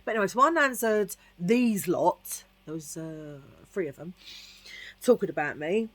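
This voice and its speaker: A woman's voice: lowish voice, expressive, moderate pace, a bit bright, dry recording. A middle-aged woman from Tottenham with a London accent, telling a rambling personal story in casual vlog chat with lots of asides. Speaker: vlogger.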